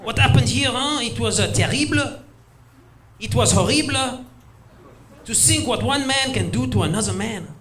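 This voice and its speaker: A man's voice: very high voice, animated, a bit bright, slight background noise, voice pushed up. Guy doing a dramatic french dude, thick french accent, super emotional. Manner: theatrical, emotional, halting.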